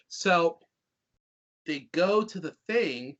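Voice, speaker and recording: Bright-voiced joking young man. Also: a little high, animated, slow pace, muffled recording. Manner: joking, rambling, profane, drops into put-on voices. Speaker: podcast co-host. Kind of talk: casual review chat.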